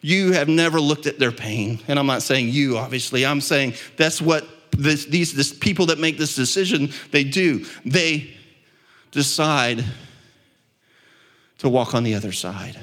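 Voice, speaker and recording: A man preaching a sermon as pastor, building to impassioned peaks and dropping to quiet, low stretches. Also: a little slow. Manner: impassioned preaching, swelling louder and higher at peaks.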